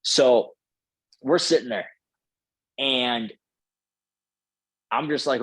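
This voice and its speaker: A man's voice: medium pitch, fairly even intonation, measured pace, pauses often, a bit bright, breathy edge, no room sound, low-quality recording. A man telling a casual, profane story full of filler words as a podcast guest.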